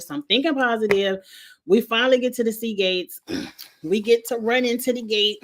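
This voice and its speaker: A woman's voice: fairly high pitch, brisk. A woman vlogger telling a funny travel story in casual slang, laughing often as she goes.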